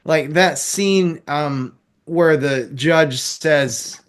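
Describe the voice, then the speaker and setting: A man's voice: on the high side, very slow, clean tone. Rambling, chuckling male film reviewer. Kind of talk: casual chat.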